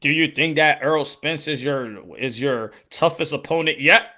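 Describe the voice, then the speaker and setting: A stiff, awkward male boxing interviewer, as a man puts him on. He pauses and restarts on filler words and repeats his questions. His voice is sharp and tense and sits a little high. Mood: stilted. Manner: halting, awkward, repeats himself.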